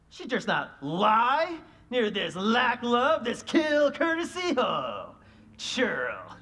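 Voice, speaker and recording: A woman's voice: a little high, pushed and bright, full character voice. A woman playing the mischievous sprite Puck in a live stage Shakespeare performance, giggling through her playful, theatrical lines.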